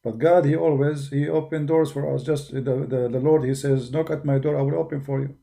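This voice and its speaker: Gravelly Arab-accented man debating. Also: medium pitch, steady tone, brisk. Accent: Arabic. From Arab world. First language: Arabic. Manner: forceful, argumentative, with non-native grammar. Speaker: religious debater. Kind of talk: preaching monologue.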